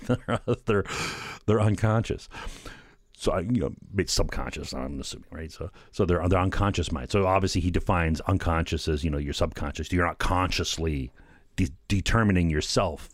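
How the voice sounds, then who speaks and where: Man, middle-aged, low pitch, dead dry room, rambling casual commentary, wry chuckles, lots of fillers. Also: normal speed, no echo. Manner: rambling, fillers, keeps asking "right?". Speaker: solo commentator.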